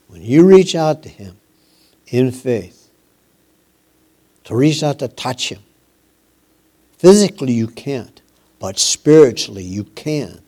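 Slow, mellow-voiced male preacher. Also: mid-range voice. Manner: slow, emphatic preaching with repeated phrases and dropping voice. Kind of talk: sermon.

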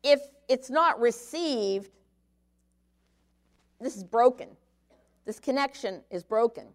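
A middle-aged woman with a slightly high voice leads a sermon-style Bible lesson. She talks in a loose, conversational way, often pausing to check in with her listeners. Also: expressive. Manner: conversational teaching, frequent "okay?" check-ins. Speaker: Bible teacher.

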